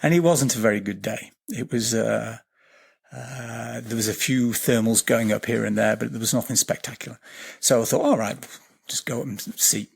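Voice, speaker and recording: A man tells a story as a podcast guest, his middle-pitched voice gravelly with a husky edge. He swears freely, circles back over his words and slows down to draw out the tense moments. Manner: vivid, swearing storyteller who repeats words and restarts. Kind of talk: animated storytelling in a podcast interview.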